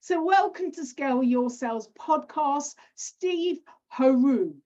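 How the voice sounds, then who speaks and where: A middle-aged woman with a British accent hosts a podcast, her voice sitting fairly high and coming through dull, lo-fi audio. She asks her questions with enthusiasm. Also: takes it slowly, mellow. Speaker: podcast host. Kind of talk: podcast interview.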